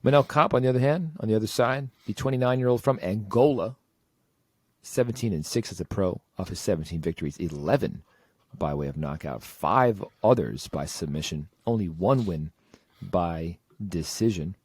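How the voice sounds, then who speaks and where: A man hosting a podcast, introducing fights and reading fighter stats in a measured way. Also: low voice, husky, dry recording. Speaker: podcast host. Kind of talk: casual show segment host.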